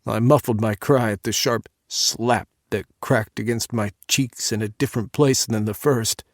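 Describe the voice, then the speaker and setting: A man narrating a first-person audiobook in a measured, intimate reading on a close studio mic. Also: medium pitch, steady tone, no echo.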